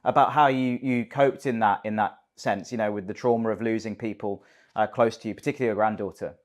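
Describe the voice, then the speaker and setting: Male interviewer, gentle and agreeable, hesitant phrasing, reads audience questions. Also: lowish voice, fairly even intonation, fast.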